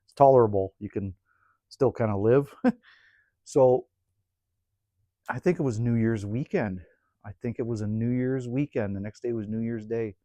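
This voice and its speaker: Sitting by a woodstove near the mic, a cabin vlogger tells a laid-back story at normal speed, taking long pauses, cursing freely, and becoming animated as he retells it. His mid-range voice is captured on a dry recording.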